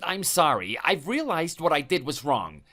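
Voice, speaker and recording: Grovelling cowardly ex-husband, put on by a man; high, stammering, pleading. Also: sing-song, normal speed, pushed and bright, soft background music, full character voice. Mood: apologetic. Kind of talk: text message story voice.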